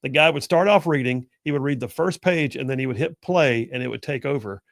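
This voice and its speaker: A middle-aged radio talk show host runs a casual call-in program, telling stories in a folksy way with joking asides. His mid-range voice is gravelly and fairly quick, recorded in a clean studio with no echo.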